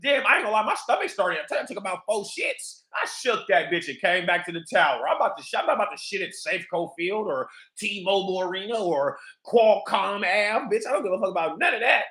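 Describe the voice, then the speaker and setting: A man's voice: high voice, lively intonation, a little fast, hardly any pauses, sharp tone. A man hosting his own vlog, telling a rambling, profane story in a casual monologue. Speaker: vlog host. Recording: echoey room.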